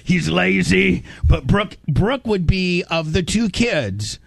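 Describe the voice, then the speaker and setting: A man's voice: sits high, big pitch swings, slow, no echo. A man hosting a radio show, rambling and stammering as he reminisces on a call. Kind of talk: emotional radio phone conversation.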